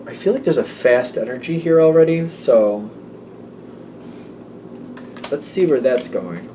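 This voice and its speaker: A man with a mid-range voice gives a casual tarot reading, speaking unhurriedly with lively intonation over a noisy background. He rambles and corrects himself, often voicing what he imagines his client is thinking.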